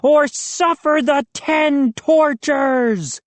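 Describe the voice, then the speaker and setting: A woman's voice: high-pitched, extremely slow, no room sound, voice pushed up. A woman voicing a big, bullying neighbor boy who taunts and threatens. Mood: threatening.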